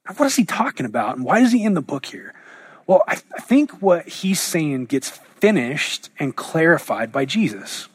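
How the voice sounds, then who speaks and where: A man's voice: fairly high pitch, very animated, normal speed, breathy edge. Conversational male pastor preaching. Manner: conversational, paraphrasing God in everyday speech. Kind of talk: sermon.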